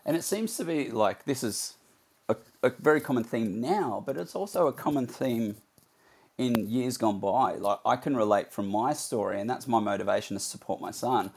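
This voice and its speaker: A man with a slightly husky voice who hosts a conversation. He speaks earnestly and reflectively, telling his own story. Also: medium pitch, expressive, moderate pace, darkish tone. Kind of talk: conversational interview.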